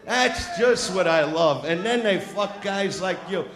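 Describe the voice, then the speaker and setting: A man doing a crude stand-up routine in front of a live audience. He is loud and brash, taunts people in the crowd and often shouts. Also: sits high, animated, measured pace. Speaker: stand-up comedian. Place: large live venue with an audience. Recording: echoey live show with crowd noise.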